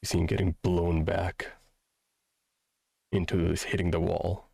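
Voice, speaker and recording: Deep gravelly game master. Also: male voice, flat delivery, darkish tone, no echo. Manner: slow descriptive narration with pauses. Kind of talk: narrating a tabletop game.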